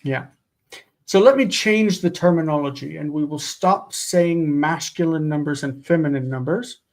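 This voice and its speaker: A man teaching a live online grammar lesson, explaining patiently and slowing down to spell out forms. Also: a little high.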